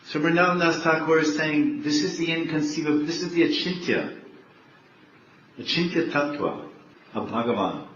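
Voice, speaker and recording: A monk giving a sermon, telling a story with lively questions to the audience and acting out its characters. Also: male voice, on the high side, moderate pace, a little hiss or hum. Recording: echoey, dull room recording.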